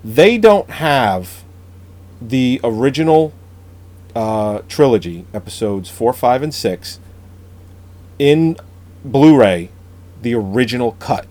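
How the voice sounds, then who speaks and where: A man's voice: medium pitch, expressive, slow pace, long pauses, a little mellow. A man in casual podcast chat, blunt and opinionated, swearing freely.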